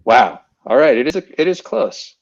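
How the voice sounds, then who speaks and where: A game show host on a video call, upbeat and quick to laugh, running a comedy stream. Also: mid-range voice, expressive, gravelly, highs cut off. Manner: giggly, upbeat, frequent laughs.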